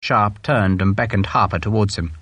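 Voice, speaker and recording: A man narrating a historical war novel in a measured, expressive reading. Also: fairly low pitch, husky, no room sound. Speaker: audiobook narrator. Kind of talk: scripted narration.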